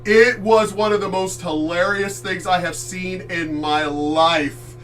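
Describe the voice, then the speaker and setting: A man from the Chesapeake Bay area telling a story in a casual, animated way, loud, swearing freely and acting out voices. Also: high-pitched, slow, far from the mic, faint music behind. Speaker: streamer host.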